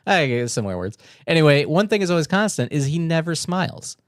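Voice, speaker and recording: A man's voice: fairly high pitch, expressive, fast, no room sound, studio quality. A man hosting a casual political news livestream, sarcastic and mocking as he reads posts aloud and comments on them. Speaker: livestream host.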